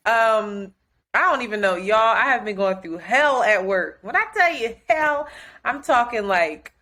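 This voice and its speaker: A woman's voice: a little high, unhurried. Woman co-host telling a story animatedly. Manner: animated, profane storytelling with acted-out quotes. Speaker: podcast co-host. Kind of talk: casual storytelling chat.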